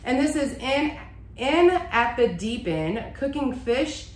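A woman's voice: high voice, lively intonation, slow pace, roomy sound. A woman, chatting casually and gushing as she shows off a shopping haul at home. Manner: chatty, gushing, says y'all a lot. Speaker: haul vlogger. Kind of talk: casual show-and-tell haul. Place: room at home with a bookshelf.

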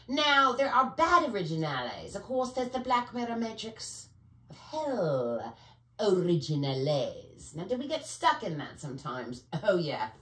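A woman's voice: medium pitch, very animated, measured pace, fairly bright tone, echoey room. A woman talking to camera in a rambling, digressive monologue, often searching for words and filling with "you know.". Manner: conspiratorial, speaks in asides. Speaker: vlogger.

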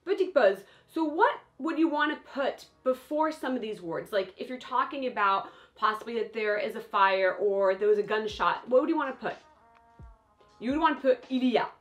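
High-voiced woman teaching French words. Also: soft background music. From France. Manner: lively, repeats words slowly for learners. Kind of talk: language lesson.

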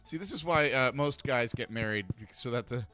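A man's voice: medium pitch, moderate pace, sharp tone, clear, resonant tone. Male let's-play host, breezy and jokey, reads in-game lines with playful voices, light music bed. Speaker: gaming channel host.

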